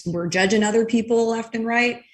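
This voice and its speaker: A woman guest explaining her ideas in a thoughtful, measured way during a conversation. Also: fairly high pitch. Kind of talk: conversational interview.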